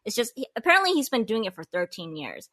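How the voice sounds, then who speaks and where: A woman with a bright, clear voice chats casually about her craft. She talks in an animated way, breaking into gasps and exclamations. The sound is dry and close. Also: on the high side, quick pace, no echo. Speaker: polymer clay video maker. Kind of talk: casual chat.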